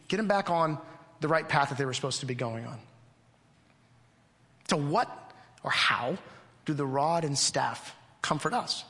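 A man's voice: fairly high pitch, animated, measured pace, long pauses, bright, forceful tone. A middle-aged man preaching a sermon to his congregation, earnest and conversational, often asking the listeners questions. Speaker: pastor. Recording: long hall reverb.

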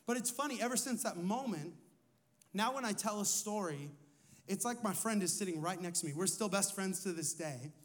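Man, high voice, lead pastor, sermon, conversational, asks the crowd questions. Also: lively intonation, moderate pace. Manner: tells personal stories.

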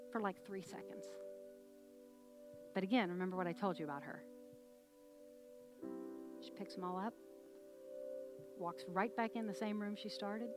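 A middle-aged woman preaching a sermon, telling a family story in a lively, conversational way with quick laughs. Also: medium pitch. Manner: animated, conversational storyteller who laughs while talking.

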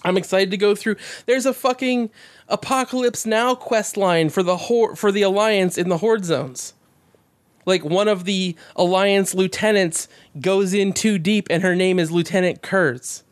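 A man co-hosting a podcast, talking about games in a fast, rambling way, swearing often and getting excited. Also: sits high, dry recording. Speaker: podcast co-host. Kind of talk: casual chat.

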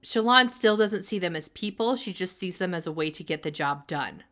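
A woman's voice: lowish voice, lively intonation, moderate pace, fairly bright tone. A woman co-hosting a casual book-discussion podcast, musing through recaps. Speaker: podcast co-host.

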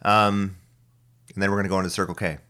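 A man's voice: deep voice, little pitch movement, quick pace, bright, forceful tone. A man in his thirties hosting a podcast, talking in a loose, rambling and profane monologue with many restarts. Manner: profane, ranting, full of restarts. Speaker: podcast host.

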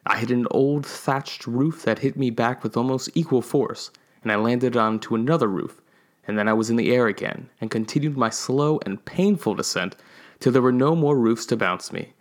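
A man reading his own comic story aloud and giving the characters quick voices. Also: mid-range voice. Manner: playful, switches voices for quoted characters.

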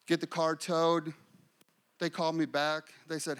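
High, bright-voiced preaching man. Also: level tone, unhurried. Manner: repetitive, declaring, testimony-telling. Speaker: pastor. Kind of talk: sermon.

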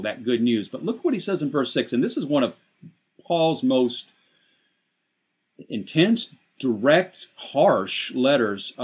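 Husky man teaching the Bible online. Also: medium pitch. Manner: earnest, repeats words when emphatic. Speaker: pastor.

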